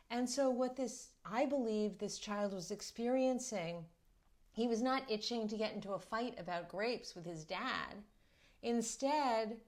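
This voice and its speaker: A middle-aged woman parenting coach giving earnest, reflective advice and explaining her points through stories. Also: medium pitch. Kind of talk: talking-head advice video.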